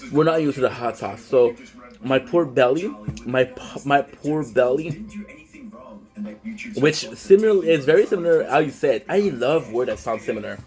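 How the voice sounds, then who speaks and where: A man's voice: fairly high pitch, a little mellow, poor audio. A man chatting casually on a phone live stream, rambling loosely, swearing freely and greeting viewers by name.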